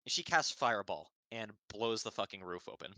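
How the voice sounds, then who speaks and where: A man narrates a fantasy scene as the dungeon master of a live-streamed tabletop game. His voice is bright and crisp. He wanders through fillers and half-finished words as he describes the action. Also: fairly low pitch, lively intonation, fairly quick, dry recording. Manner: rambling with many fillers and restarts. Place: home setup, streamed live.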